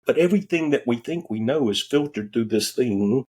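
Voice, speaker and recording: This podcast guest, a transformational coach, tells a story casually and candidly, swearing freely as he goes. His voice sits at medium pitch, animated and moderately paced, a little mellow with a breathy edge.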